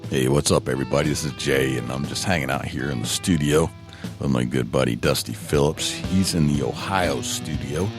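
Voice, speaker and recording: A man's voice: rumbling low, brisk, music in the background. A man hosting a podcast from his studio, chatting in an easygoing, rambling way with frequent restarts. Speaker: podcast host. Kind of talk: casual podcast chat. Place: home studio.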